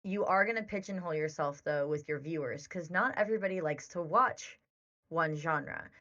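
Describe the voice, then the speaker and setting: Low-voiced chatty woman, lo-fi mic. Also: normal speed, fairly bright tone. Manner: chatty, advice-giving, many "like"s. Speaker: podcast co-host. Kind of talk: casual podcast chat.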